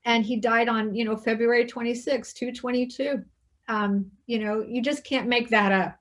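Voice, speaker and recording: Soft-spoken woman telling a personal story. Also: fairly high pitch, steady tone, moderate pace. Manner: soft, hushed retelling with quoted dialogue. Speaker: interview host.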